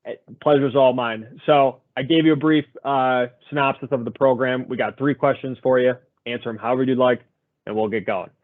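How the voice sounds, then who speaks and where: A man's voice: mid-range voice, fairly even intonation, a little fast, no room sound. A man hosting an interview show, giving upbeat scripted introductions to his guest. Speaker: host. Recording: dry, phone-like audio.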